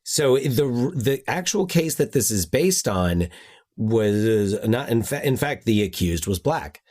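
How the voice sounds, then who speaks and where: A man's voice: medium pitch, expressive, slow, a little mellow. A man hosting a podcast in casual chat, thinking aloud with frequent restarts. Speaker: podcast host.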